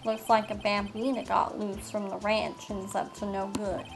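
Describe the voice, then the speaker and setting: A woman voicing a swaggering male cowboy detective in a put-on country accent, with a slow folksy drawl. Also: mid-range voice, level tone, creaky, over music, natural voice. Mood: menacing. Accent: put-on American country.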